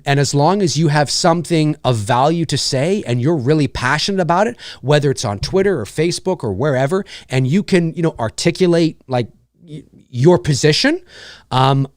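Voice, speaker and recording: A man's voice: on the high side, dry recording, clean studio sound. A man hosting a live stream, ranting casually with lots of swearing and mocking voices. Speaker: host of a live stream show.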